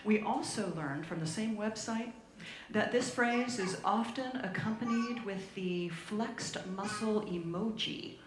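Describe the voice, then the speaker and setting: A woman's voice: medium pitch, measured pace. A woman co-leading a church talk, humorous and bantering with her partner. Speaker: co-minister. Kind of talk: sermon talk. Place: church sanctuary. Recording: roomy hall sound.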